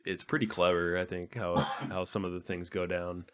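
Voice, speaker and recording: A man's voice: deep voice, little pitch movement, normal speed, clean tone. A man co-hosting a movie podcast, casually retelling funny scenes and laughing often. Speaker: podcast co-host. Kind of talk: casual movie review chat.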